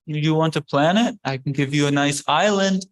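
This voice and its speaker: A man's voice: a little high, moderate pace, natural voice. Playful, generous divine lord, put on by a man; teasing and insistent, lifted a little.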